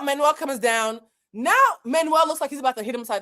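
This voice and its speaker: A woman, an emotional intelligence coach, telling a story in a vlog with animated, exasperated delivery and acted-out quotes. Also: high-pitched, fast talker, hardly any pauses.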